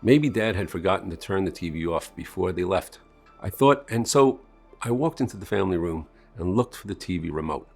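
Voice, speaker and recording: With faint music behind him, a man narrates a scripted, first-person sales story in a dramatic style, his pitch and volume swinging strongly. His voice is gravelly and a little mellow, animated and slightly fast.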